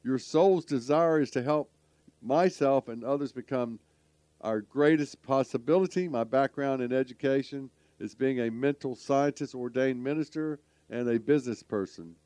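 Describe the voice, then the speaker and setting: A man's voice: medium pitch, normal speed, mellow, dry recording. A man hosting a radio talk show, folksy and rambling, often stumbling over his words. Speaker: podcast host.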